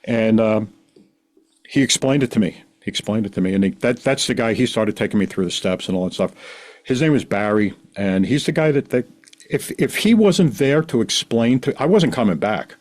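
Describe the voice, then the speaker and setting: In this casual storytelling clip, a middle-aged podcast guest recounts a lengthy personal tale, wandering and lively, voicing the characters himself. His voice is lowish and his speed is normal.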